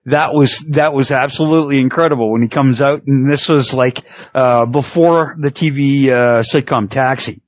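A middle-aged man chats casually at a moderate pace in a medium-pitched voice, laughing often, swearing freely and telling stories with energy. The recording has no room sound but a dull lo-fi quality.

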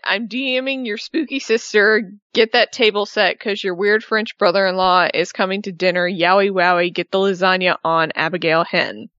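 A woman's voice: mid-range voice, pushed and bright, no echo. Chatty woman podcast co-host, lo-fi sound. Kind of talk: casual chat, reading tweets aloud. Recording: dull lo-fi dry recording.

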